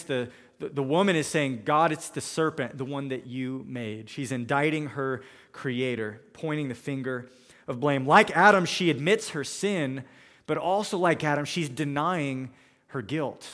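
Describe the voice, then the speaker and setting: A man's voice: on the high side, moderate pace, a bit bright, long reverb tail. A man preaching a sermon, walking through scripture verse by verse and voicing the characters in his own paraphrases. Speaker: pastor.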